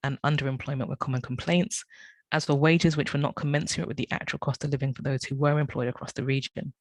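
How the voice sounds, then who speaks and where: A man reads an academic paper aloud from his notes. His voice sits a little high for a man and sounds close and dry. He often stumbles, corrects himself and apologises. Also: dry recording, low-quality recording. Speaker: academic speaker. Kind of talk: reading a prepared talk.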